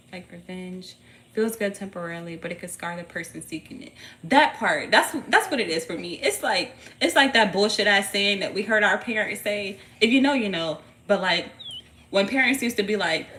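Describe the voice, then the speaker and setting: Bright-voiced playful woman streamer. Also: mid-range voice, expressive, normal speed. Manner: playful and loose, teasing a baby between readings; slangy and profane, bursts into laughter. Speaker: tarot reader and streamer. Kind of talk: casual livestream chat.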